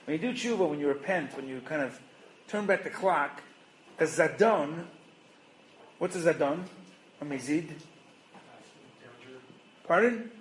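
A man giving a Torah lesson as a rabbi, animated, firing rhetorical questions and acting out little exchanges. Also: fairly high pitch, unhurried, long pauses, slight background noise, low-quality recording. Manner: acts out little dialogues. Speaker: rabbi and educator.

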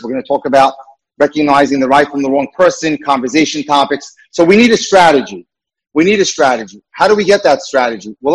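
Husky-voiced man teaching about dating. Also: on the high side, rough recording. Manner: earnest, instructive, asks rhetorical questions. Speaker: dating mentor. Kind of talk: lecture.

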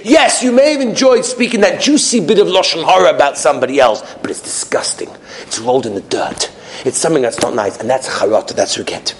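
Animated high-pitched man teaching Torah. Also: a little fast, slight background noise. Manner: animated, swings between loud exclamations and hushed asides; sprinkles Hebrew and Yiddish terms. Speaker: rabbi teaching a Torah class. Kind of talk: Torah lecture.

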